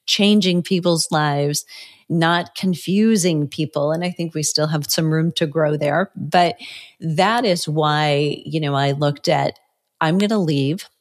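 Woman in her fifties, fitness educator guest, low voice, earnest. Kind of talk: interview conversation.

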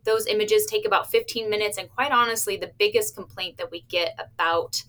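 A woman's voice: medium pitch, fairly quick, fairly bright tone. A woman who works with cardiac stress tests, answering interview questions in an upbeat, plain-spoken way with small laughs. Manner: upbeat, explains plainly with little laughs and playful patient quotes. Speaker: cardiac stress test staff member.

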